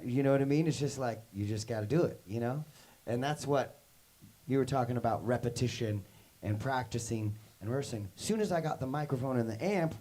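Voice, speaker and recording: A man talks to young students in a loose, rambling storytelling style, leaning on fillers like "like" and "you know." He slips into playful acted-out voices for the people in his anecdotes. His voice sits at an ordinary middle pitch for a man. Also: dark tone. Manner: acts out quoted voices in his stories. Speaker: musician leading a workshop.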